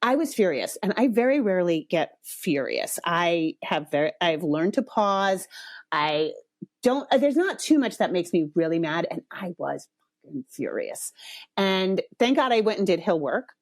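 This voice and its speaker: A woman's voice: lowish voice, a little mellow, dry recording, clean studio sound. A middle-aged woman hosting a podcast, telling a story in a frank, blunt way with some swearing. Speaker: podcast host. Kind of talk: casual storytelling monologue.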